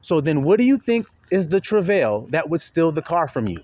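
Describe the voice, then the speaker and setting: Animated, slangy male preacher. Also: moderate pace. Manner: animated, slangy, often laughing, swings between low and high. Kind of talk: informal sermon to followers.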